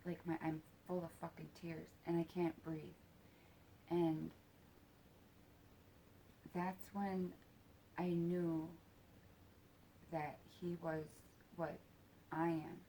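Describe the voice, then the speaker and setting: A woman telling a personal story in a halting, soft-spoken way, with casual swearing. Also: on the low side, level tone, slight background noise.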